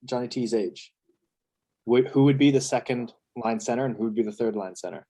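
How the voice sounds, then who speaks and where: A young man co-hosting a podcast who keeps the casual hockey chat moving with relaxed questions and easy laughs. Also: medium pitch, brisk. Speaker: podcast co-host.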